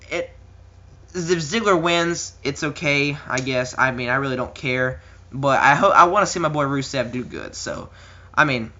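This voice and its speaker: A man's voice: medium pitch, bright, forceful tone, muffled recording. A young man casually giving wrestling predictions on his own, rambling with lots of ums and uhs and little chuckles. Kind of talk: casual solo commentary.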